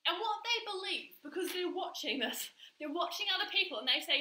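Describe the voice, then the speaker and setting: A woman's voice: very high voice, lively intonation, a little fast, sharp tone, echoey room, poor audio. A woman coach giving an emphatic live-streamed motivational talk, repeating words for stress. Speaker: manifestation coach.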